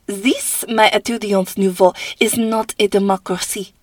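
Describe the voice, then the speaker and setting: Lady reading a haughty french cook lady, barks orders, pitched a bit up, dry close sound. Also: fairly even intonation, measured pace, no echo, lightly acted. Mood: stern, imperious. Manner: haughty, commanding, theatrical. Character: stern bossy French school cook woman.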